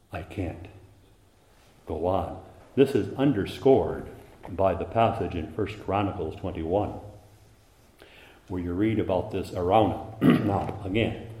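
A man preaching a sermon, swinging between loud, impassioned emphasis and hushed asides. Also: low-pitched, roomy sound, slight background noise.

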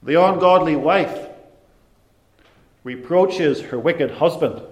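A man preaching a sermon, deliberate and emphatic, with dramatic pauses. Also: on the high side, echoey room.

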